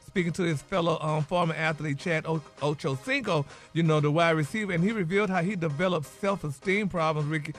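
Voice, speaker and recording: Chatty man reporting celebrity news. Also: on the high side. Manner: chatty, addresses listeners as y'all and honey. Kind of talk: radio show banter.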